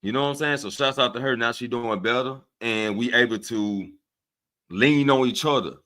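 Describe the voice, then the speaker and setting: A man with a Southern US accent hosting a casual livestream, speaking to his viewers in an animated, preachy way and often checking in with them. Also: medium pitch, moderate pace. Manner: animated and preachy, often asks "right?" of listeners. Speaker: livestream host. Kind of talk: casual livestream talk to chat.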